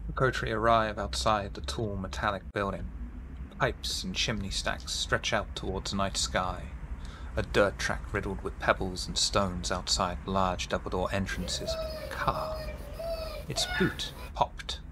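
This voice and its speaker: Lively low-voiced male game master. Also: noisy background. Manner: descriptive, halting when answering questions. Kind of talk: narrating a tabletop game.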